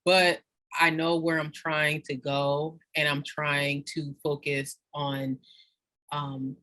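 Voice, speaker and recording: A woman's voice: low voice, flat delivery, slow pace, bright, forceful tone, no room sound. A woman co-hosting a faith podcast, speaking in casual chat and answering reflectively with some hesitation. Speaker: podcast co-host.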